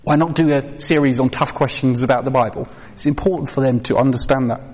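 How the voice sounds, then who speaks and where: A man with a steady, darkish mid-range voice talks fast as he delivers training on children's faith to a live audience in a hall. He keeps it conversational, using many fillers and asking the room questions, and the recording is reverberant.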